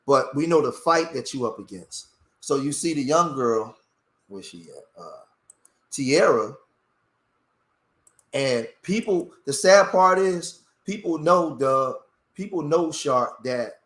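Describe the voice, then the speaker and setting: Man live streaming, emotional, rambling restarts, mid-pitched voice, echoey room. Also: fairly bright tone. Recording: roomy echo.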